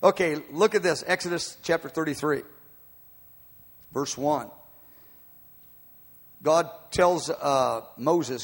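A man preaching a sermon in a large hall. He talks emphatically, swinging from loud bursts to quiet asides. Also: on the high side, slow, long pauses, breathy edge. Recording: long hall reverb.

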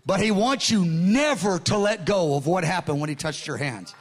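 A man in his sixties preaching a sermon, telling stories in an excited, earnest way with frequent restarts. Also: high voice, normal speed, faint music behind. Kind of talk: sermon storytelling.

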